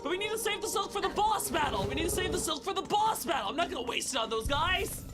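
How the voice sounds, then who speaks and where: Young female streamer, high lively voice, excitable and loud during play. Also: fast, over music. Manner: excitable, shouts and exclaims at the game. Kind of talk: live gameplay commentary.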